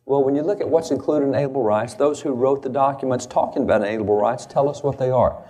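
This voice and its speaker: A man's voice: mid-range voice, very fast, dark tone. Emphatic man lecturing. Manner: emphatic, reads quotations aloud with stress. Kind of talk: historical lecture.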